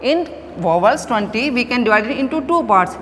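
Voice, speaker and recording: A woman giving an online phonetics lecture, slow and repetitive, stressing key words. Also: on the high side, expressive, fairly bright tone. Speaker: teacher. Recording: long echo, faint background noise.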